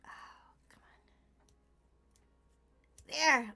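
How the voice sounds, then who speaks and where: High, slow, gushing woman streamer. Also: animated, pushed and bright. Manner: gushing and giggly, talks to viewers. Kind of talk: casual crafting livestream chat.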